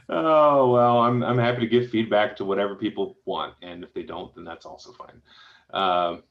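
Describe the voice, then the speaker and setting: A man's voice: fairly low pitch, expressive, a little slow, pauses often, dull audio. A man reviewing a website aloud in casual, encouraging feedback, thinking through each suggestion as he goes, heard over a video call. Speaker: web design reviewer.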